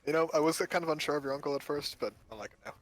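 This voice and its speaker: A man's voice: a little high, very fast, low-quality recording. A man playing a tabletop game, speaking candidly and rambling with plenty of hedges. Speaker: player.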